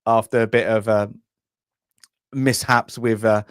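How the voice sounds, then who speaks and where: A man's voice: lowish voice, fairly even intonation, a little slow, clear, resonant tone, no room sound. Rambling man, dry sound. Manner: rambling, many restarts and fillers, blunt. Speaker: film review co-host. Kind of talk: casual chat.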